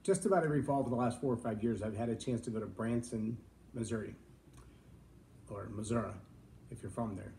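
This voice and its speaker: Middle-aged man from Texas, vlog host, folksy and reflective, mellow warm tone, medium pitch. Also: fairly quick, slight background noise. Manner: folksy, reflective, jokey asides. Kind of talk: casual live-stream talk.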